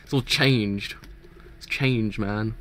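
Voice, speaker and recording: A man's voice: fairly low pitch, takes it slowly, slight background noise. A young man giving rambling, casual live reaction commentary, often correcting himself. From England. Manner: rambling, self-correcting chatter. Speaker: reaction streamer.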